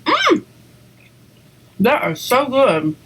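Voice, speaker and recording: A woman hosts a relaxed eating video at home, talking to her viewers between bites. She speaks slowly and in a chatty way, full of "like" and "um," and giggles softly now and then. Her voice sits at a middle pitch. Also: slight background noise, low-quality recording. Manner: chatty, lots of likes and ums, giggly. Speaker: eating show host. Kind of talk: casual mukbang chat to viewers.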